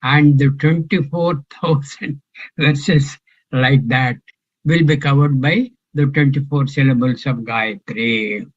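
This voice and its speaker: A man's voice: medium pitch, steady tone, slow, dull audio. An older man teaching a scripture class, talking in a musing way and quizzing his students. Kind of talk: scripture class, question and answer.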